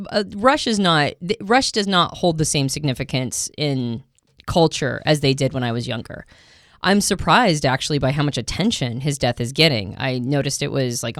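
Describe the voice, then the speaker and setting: Talkative woman podcast host, animated. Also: a bass voice, dry recording, clean studio sound. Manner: talkative, animated, laughs often. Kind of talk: casual podcast chat.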